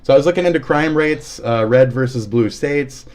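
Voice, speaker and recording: A man's voice: medium pitch, moderate pace, a little mellow. A man streaming live, talking casually, swearing a lot and ranting angrily with sudden shifts. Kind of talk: casual livestream commentary.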